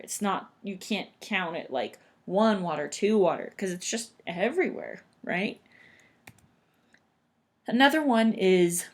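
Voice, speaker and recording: A woman teaching English grammar, patiently repeating example sentences slowly and deliberately. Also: mid-range voice. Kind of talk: explaining grammar to learners.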